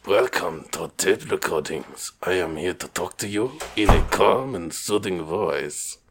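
A man voicing a calm, soothing character with a mock Eastern European accent, speaking slowly and low. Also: slight background noise. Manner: slow, low, deliberately soothing.

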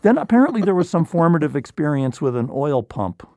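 A man hosting an interview, asking questions in a relaxed way and laughing along with his guest. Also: on the high side, brisk, dry recording. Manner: warm questions, short acknowledgements, laughs along. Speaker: interviewer, podcast host. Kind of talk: casual interview.

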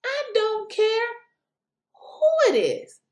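A woman delivers political commentary with a lively, swooping voice. She sounds incredulous and raises her voice now and then. The room around her is echoey. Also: very high-pitched, very slow. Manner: animated, incredulous, exclaims loudly at times. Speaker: commentary vlogger.

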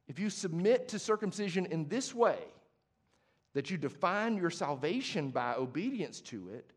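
A young adult man preaching a sermon as pastor, conversational and passionate, moving from hushed to emphatic. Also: fairly high pitch.

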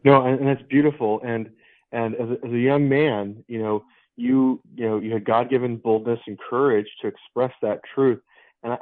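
A man's voice: mid-range voice, dry recording. Man, pastor, radio guest, encouraging preacherly manner, tinny phone line. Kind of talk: casual radio conversation.

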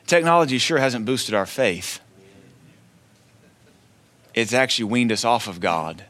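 A man preaching a sermon in an easy, conversational way. He slips into short acted quotes along the way, and his voice sits at an everyday middle pitch. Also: expressive, unhurried, pauses often, a bit bright. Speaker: pastor.

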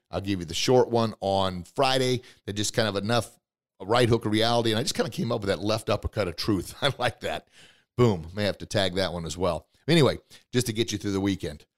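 Excited male motivational podcast host. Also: fairly low pitch. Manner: excited, coaching the listener directly.

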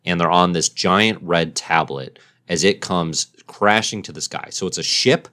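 A man telling a made-up superhero origin story in a rambling, deadpan, playful way during a casual chat. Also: sits low, measured pace.

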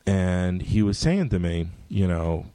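A middle-aged man, a comic book writer, telling stories in casual conversation and jumping into loud voices for quoted lines. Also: sits low, animated, takes it slowly, dry recording.

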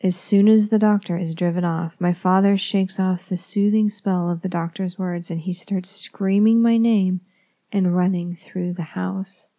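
Woman narrator for a horror reading: measured, whispery, gravelly and dark in tone. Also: fairly low pitch. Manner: calm, measured, dropping into whispers. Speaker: storyteller. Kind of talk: first-person horror story reading.

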